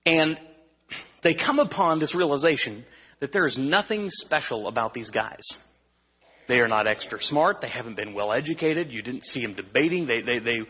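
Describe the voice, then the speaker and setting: A man's voice: mid-range voice, breathy edge, big-room sound, lo-fi sound. A man preaching an evening sermon in an easygoing, conversational way, with restarts and some humor. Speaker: pastor.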